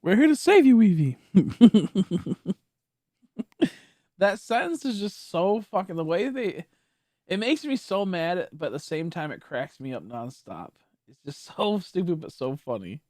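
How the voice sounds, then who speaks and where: A casual gameplay streamer with a very lively, bouncing pitch and a dry, close sound. The talk is animated, punctuated by frequent laughs and easy swearing. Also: normal speed, no echo.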